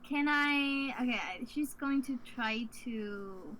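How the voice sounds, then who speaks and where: A woman's voice: fairly high pitch, slow pace, a bit bright, low-quality recording. A woman playing a tabletop game who thinks aloud hesitantly while describing her moves. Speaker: player.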